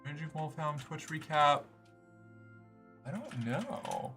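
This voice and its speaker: A man chats loosely while he plays a game on a live stream, swearing and wandering off topic. His voice is bright and fairly high for a man, with pitch that swings widely. Soft music plays underneath. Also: slow. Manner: animated, rambling and profane. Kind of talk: live gameplay streaming chat.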